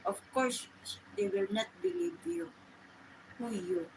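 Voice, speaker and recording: Slow, halting woman streaming live. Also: fairly high pitch, big pitch swings, gravelly, background noise. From Philippines. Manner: rambling, halting non-native English with many restarts. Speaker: livestream host. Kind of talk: casual chat with viewers.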